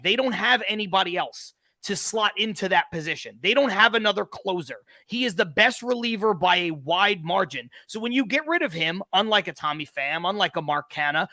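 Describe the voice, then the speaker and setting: A man's voice: high-pitched, pushed and bright, no room sound. A man co-hosting a sports podcast, making emphatic, argumentative points in opinionated sports talk. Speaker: podcast co-host.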